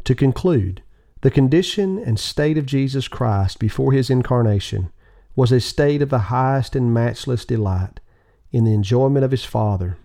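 A man reading an old sermon aloud as an audiobook, in a measured, solemn manner with rising emphasis. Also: mid-range voice, warm tone. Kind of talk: scripted devotional reading.

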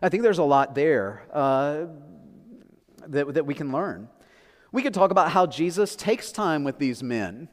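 A man preaches from the pulpit in a relaxed, conversational way, turning ideas over and trying the same phrase with different stresses. His voice sits slightly higher than most men's. The sound carries a long reverb, as in a church sanctuary. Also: measured pace. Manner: conversational, reflective, repeats phrases with shifting emphasis. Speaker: pastor. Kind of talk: sermon.

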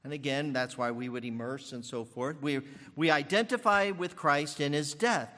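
A man's voice: a little high, normal speed, bright, forceful tone, big-room sound. An older man preaching a sermon as pastor, thinking aloud with fillers and restarts.

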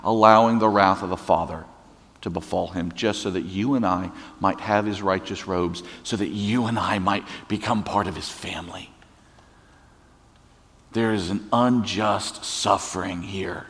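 A man's voice: sits low, steady tone, measured pace, fairly bright tone. A man preaching a sermon as a pastor, conversational, with humorous asides. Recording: long church hall reverb.

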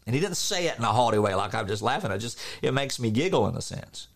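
Gravelly-voiced man preaching earnestly. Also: mid-range voice, fast. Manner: earnest, animated, acts out quotes, laughs. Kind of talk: informal sermon.

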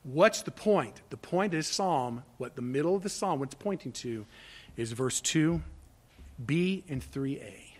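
A man preaching a sermon, swinging between loud, urgent appeals and hushed asides. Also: a little high, animated, unhurried. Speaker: pastor.

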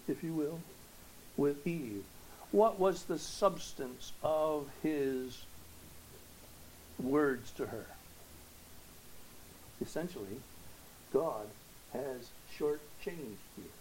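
Male pastor, high register, earnest preaching with hushed-to-loud swells; faint hiss. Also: rough recording. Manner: rhetorical questions to the congregation. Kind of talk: sermon.

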